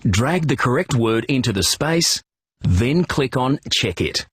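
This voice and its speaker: A man narrating a children's reading program, giving clear, encouraging instructions and praise. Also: medium pitch, expressive, measured pace, a bit bright, dry recording.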